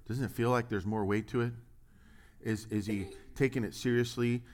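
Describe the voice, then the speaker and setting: A male pastor delivers a sermon with a lively, mid-range voice. He keeps firing rhetorical questions at the congregation and slips in light humor between points. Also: mid-range voice, normal speed.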